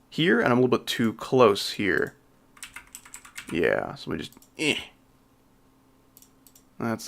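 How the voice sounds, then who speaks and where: A game streamer with a slight Southern accent and a fairly low, bright-toned voice with vocal fry builds a game level while joking around with his livestream chat. He's laid-back, reading and replying to messages, with slight background noise.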